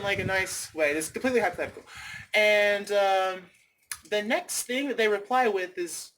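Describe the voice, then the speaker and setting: Male vlogger, slightly high voice, rambling and profane, on a phone outdoors with faint noise behind. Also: normal speed. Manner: rambling, animated, profane, repeats himself. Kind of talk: casual ranting monologue. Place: outdoors, windy.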